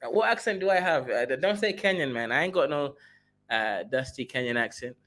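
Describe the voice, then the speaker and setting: A man hosting a livestream, giving sarcastic, animated reaction commentary. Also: medium pitch, a little fast. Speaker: livestream host.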